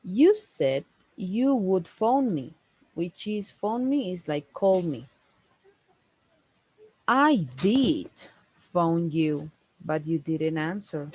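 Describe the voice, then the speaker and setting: A woman, teaching a one-on-one English lesson over a video call, explaining slowly and stressing key words. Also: on the low side, animated, mellow, slightly rough, no room sound, muffled recording.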